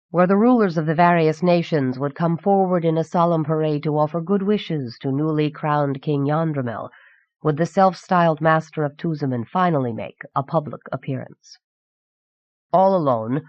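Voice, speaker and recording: A woman reading a fantasy novel aloud as an audiobook narrator, in a measured, even manner, on a dull, dry old cassette recording. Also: deep voice, no echo. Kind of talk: scripted narration.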